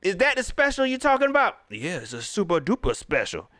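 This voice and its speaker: Animated, dry-sounding fan host man. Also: brisk, dry recording. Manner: animated, swinging between loud outbursts and low mutters; Southern colloquial speech, mocking impressions of coaches. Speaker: sports fan channel host. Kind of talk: casual fan commentary to a livestream.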